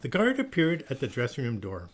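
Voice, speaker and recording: A man reading a children's picture book aloud in a slow, expressive storytelling manner. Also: medium pitch. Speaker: storybook reader.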